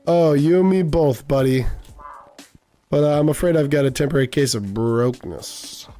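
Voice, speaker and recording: A man's voice: a little high, normal speed, mellow, soft background music, lightly acted. A man voicing a wisecracking male cat detective in a film noir game, wry, sheepish and jokey.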